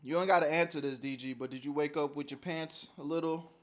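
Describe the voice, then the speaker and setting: A young man chatting through a livestream, his voice sitting a little higher than most men's. He banters loosely with viewers, jumping from loud shout-outs to low muttered asides. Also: fairly even intonation, quick pace. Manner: loose, joking banter with chat, swings between loud and mumbled. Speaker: streamer. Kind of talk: casual livestream chat.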